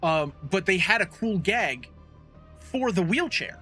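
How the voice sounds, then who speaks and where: A man's voice: high-pitched, lively intonation, unhurried, pushed and bright, faint music behind. A man co-hosting a podcast in casual chat, rambling and profane, ranting with disbelief. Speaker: podcast co-host.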